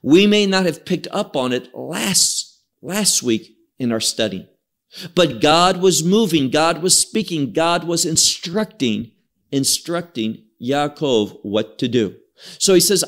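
A man leads an evening Bible study at an unhurried pace. His voice sits a little high and rises and falls with a lot of movement. He reads the verses aloud, sounds out Hebrew words and often restarts a phrase before going on. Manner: slow, lively teaching with frequent restarts and Hebrew readings. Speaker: Bible teacher.

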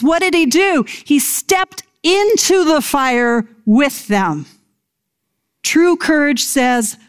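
A middle-aged woman preaches in a slow, deliberate sermon. Her voice sits a touch high and she lingers over each phrase. On key lines she drops to a hushed whisper.

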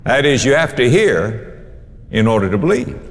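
A man's voice: mid-range voice, very animated, moderate pace, in a large hall. A male pastor preaching a sermon, emphatic, repeating key phrases to drive them home.

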